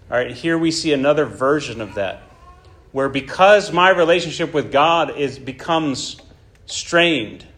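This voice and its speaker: A man's voice: medium pitch, a bit bright. A man preaching a sermon in an emphatic way, often checking in with his listeners. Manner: emphatic, checks in with "right?" and "okay?".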